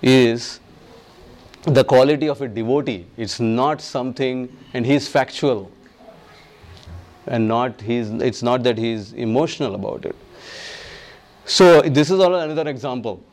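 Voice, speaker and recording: A man teaches a devotional class on scripture with a mellow, mid-range voice. He is emphatic and repeats phrases, acting out the people he quotes and chanting verses slowly.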